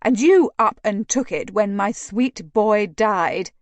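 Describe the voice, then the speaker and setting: A woman voicing an indignant, haughty older woman who speaks in a snappish, huffy way, slowly and in a dry sound. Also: mid-range voice, no room sound, lightly acted.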